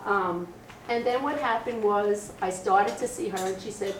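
A woman's voice: medium pitch, measured pace, recorded from a distance, background noise. Middle-aged woman, frank storyteller at a meeting, heard from across an echoing room. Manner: candid, animated storytelling with acted quotes. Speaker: speaker sharing recovery story. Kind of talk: personal testimony at a meeting. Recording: roomy echo, voice from off-mic.

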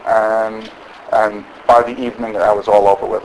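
A man's voice: lowish voice, completely flat delivery, normal speed, a little hiss or hum, rough recording. A middle-aged man candidly sharing his story at a support meeting, rambling with many restarts. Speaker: member sharing at a recovery meeting. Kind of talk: personal share at a support meeting. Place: meeting room.

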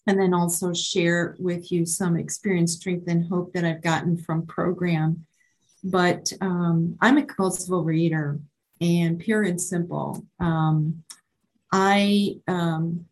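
A middle-aged woman speaks slowly and unhurriedly, telling her own story at a support meeting. She hesitates often, with many ums and restarts, and she sounds candid. It is heard through an online meeting call. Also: on the low side, a little mellow, poor audio. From Maryland, USA. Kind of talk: personal testimony at a support meeting.

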